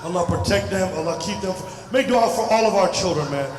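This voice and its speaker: A middle-aged man from India doing a stand-up comedy set, talking loudly and playfully to the crowd. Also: high-pitched, fairly quick. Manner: loud, animated, playful crowd banter. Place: large hall at a community festival. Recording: echoey hall mic from a distance, crowd noise. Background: audience murmur and laughter.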